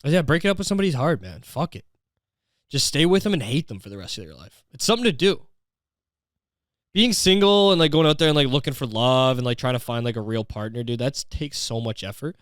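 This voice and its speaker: A man's voice: medium pitch, expressive, fairly quick, dry recording, clean studio sound. A man hosting a comedy podcast, riffing sarcastically and profanely and drifting into bits. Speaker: podcast host. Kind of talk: comedic commentary.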